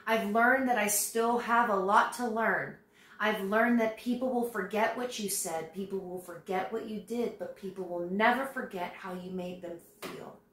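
A woman with a medium-pitched, slightly bright voice gives a tarot reading to her viewers. She talks in a chatty, conversational, reassuring way and acts out quoted voices. The room has a roomy echo.

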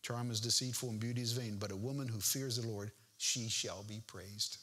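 An older male pastor delivers a folksy sermon, moving between reading scripture verses and making joking, homespun asides. His voice is bright and forward, with a husky, slightly rough edge. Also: lowish voice, steady tone, normal speed.

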